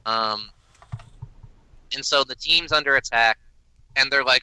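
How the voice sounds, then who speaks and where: A man's voice: medium pitch, a little slow, pauses often, pushed and bright, clear, resonant tone, dry recording, poor audio. Profane, exasperated man ranting. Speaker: podcast host. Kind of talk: casual ranting review.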